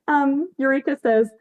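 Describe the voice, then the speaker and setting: A woman's voice: sits high, highs cut off. A woman chatting casually on a livestream, emphatic, swearing freely and laughing often as she answers her chat. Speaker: fanfiction writer on a livestream.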